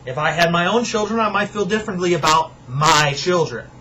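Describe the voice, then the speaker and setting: Bright-voiced man ranting angrily. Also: sits high, brisk, poor audio. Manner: angry, profane, sarcastic ranting. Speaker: vlogger. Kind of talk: profane ranting monologue.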